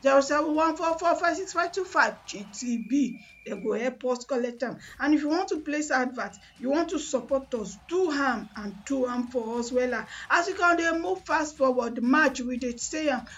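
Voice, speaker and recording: A woman's voice: high-pitched, expressive, moderate pace, few pauses, highs cut off. A woman with a Nigerian Pidgin accent hosting a live radio sports show, switching between Pidgin, English and Yoruba and hyping her listeners. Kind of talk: lively radio show banter. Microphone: studio mic.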